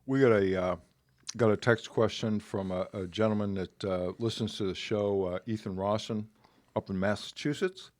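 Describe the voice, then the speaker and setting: A man with a fairly low voice co-hosting a relaxed podcast chat. He talks in an easy, conversational way. The sound is dry and close, with no room echo. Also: moderate pace. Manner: conversational, reads listener questions, acts out sales dialogue. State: talking with food in his mouth. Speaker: podcast co-host.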